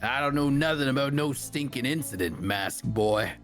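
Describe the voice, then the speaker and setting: A man's voice: mid-range voice, lively intonation, moderate pace, fairly bright tone, faint music behind, lightly acted. A man doing a tough-guy Brooklyn mobster. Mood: menacing. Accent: put-on Brooklyn. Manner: tough-guy slang, threatening, bragging. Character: gruff male loan-shark mobster witness, menacing, boastful. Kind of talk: voicing a game character on stream.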